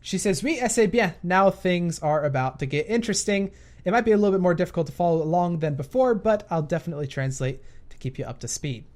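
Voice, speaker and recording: A man narrates a gaming storytime for his channel in a playful tone. He drops joking asides and quickly corrects himself as he goes. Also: a little high, expressive, darkish tone. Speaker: gaming YouTuber.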